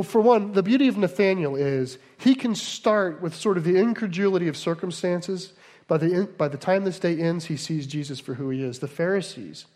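A male pastor with a notably high voice, preaching in a loose, conversational way. He breaks off often for asides and explanations. His words ring with the long reverb of a big church hall. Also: a little mellow. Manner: conversational teaching with frequent asides. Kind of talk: sermon.

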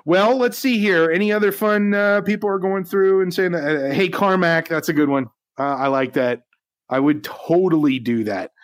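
A man's voice: sits high, moderate pace, no room sound. A man co-hosting a live tech news stream, chatty and upbeat with joking asides. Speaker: co-host of a VR news livestream. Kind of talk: casual livestream chat.

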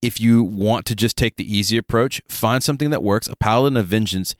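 Man, podcast co-host, low voice, dry close sound, casual joking chat. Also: no echo. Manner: joking, rambling, quick asides. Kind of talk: casual tabletop gaming chat.

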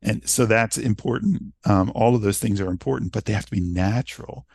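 A man in casual conversation about sales, talking in an animated way and acting out little quoted exchanges. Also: on the low side, fairly quick, creaky, slightly rough, dry recording. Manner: animated storytelling, acts out quoted voices.

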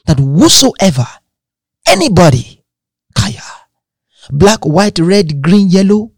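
A man preaches with emphasis at a slow, sing-song pace, repeating phrases over and over and reading from scripture. His voice is husky and a bit high for a man, recorded close and dry with no echo.

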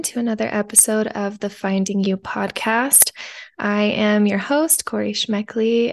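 A woman's voice: mid-range voice, vocal fry. A woman hosting a podcast in casual interview chat, rambling with frequent ums and restarts. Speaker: podcast host.

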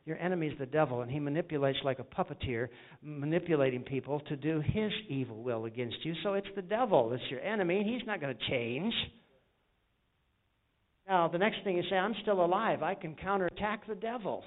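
A man's voice: a little high, lively intonation, a little fast. Earnest man preaching over a tinny line. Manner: earnest storytelling, acting out quoted voices. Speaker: evangelist preacher. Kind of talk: sermon. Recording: tinny phone-like sound.

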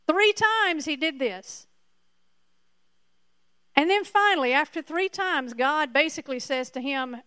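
Emphatic, high-voiced woman preacher. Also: lively intonation, a little slow, sharp tone, no room sound, studio quality. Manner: emphatic, repeats points to the congregation. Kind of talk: sermon.

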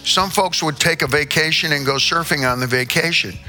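A man's voice: a little high, fairly quick, bright, forceful tone, soft background music. A man in his sixties, a rock singer, telling stories in a casual interview with theatrical flair, playful wordplay and the odd swear word.

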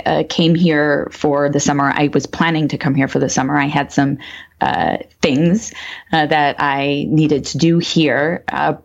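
Low-voiced woman co-host, slightly muffled. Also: creaky. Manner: rambling, self-deprecating, many fillers. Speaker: podcast co-host. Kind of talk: casual podcast chat.

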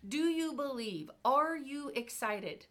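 A woman giving an energetic motivational talk on leadership, firing off rhetorical questions. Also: high-pitched, takes it slowly. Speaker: motivational speaker. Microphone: virtual event talk.

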